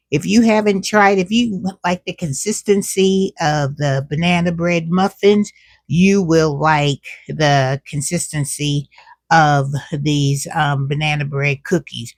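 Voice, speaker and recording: A cooking and gardening vlogger chats casually to camera at home, stretching out her words and calling viewers "child" and "y'all." Her voice is low-pitched, recorded in clean studio sound without echo.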